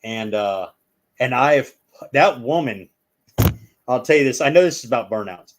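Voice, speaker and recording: A man's voice: mid-range voice, expressive, moderate pace, slight background noise. Rambling man telling stories casually. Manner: rambling, acts out the people in his stories. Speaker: guest. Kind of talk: casual storytelling chat.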